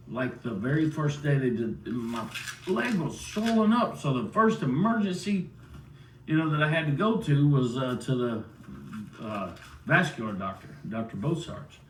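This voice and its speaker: A man's voice: medium pitch, a little hiss or hum. Rambling man, roomy and distant. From United States. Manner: rambling, loose storyteller who keeps circling back with "so anyways". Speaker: vlogger. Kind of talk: rambling personal story. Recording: roomy sound, far from the mic.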